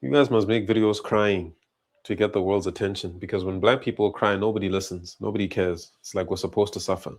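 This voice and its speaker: A man delivers reaction commentary with a fairly low, steady voice. He sounds indignant and pushes his points hard. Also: fairly quick. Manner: indignant, emphatic.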